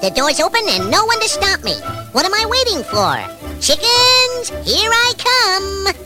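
A tiny boy chicken hawk from a classic cartoon, acted by a woman. His voice is high and bouncy and swings up and down. He talks brash and cocky, sure he can take on anyone. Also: sing-song, a little fast, over loud music.

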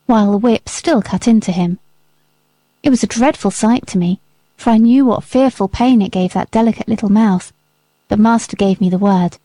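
A woman reading a classic novel aloud as an audiobook narrator, with calm, even storytelling. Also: a little high, no echo. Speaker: audiobook reader. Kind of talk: scripted narration.

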